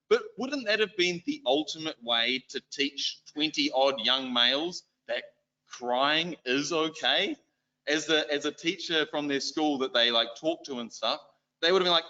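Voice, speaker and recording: Bright, animated New Zealand preacher. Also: male voice, fairly high pitch, normal speed. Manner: animated, self-deprecating storytelling. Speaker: lay preacher and schoolteacher. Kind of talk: church exhortation. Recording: dull lo-fi recording.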